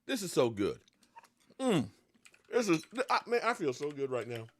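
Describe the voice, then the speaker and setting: A man hosting a casual sports talk show, ranting and joking in an animated way while eating pie, swinging between low mutters and loud outbursts. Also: normal speed.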